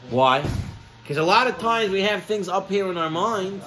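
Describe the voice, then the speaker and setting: Animated high-voiced male rabbi telling stories. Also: moderate pace, poor audio. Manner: animated storytelling, acts out quoted characters with raised pitch. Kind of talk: sermon with stories.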